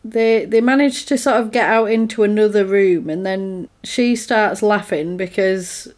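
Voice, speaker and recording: A woman chatting casually, retelling a film's plot and acting out the characters' lines in quick voices. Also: mid-range voice, darkish tone.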